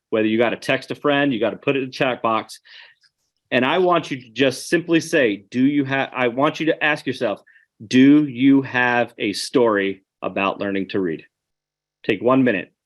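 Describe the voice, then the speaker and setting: A man with a medium-pitched voice presents an online webinar, speaking directly to his audience in an earnest, conversational way.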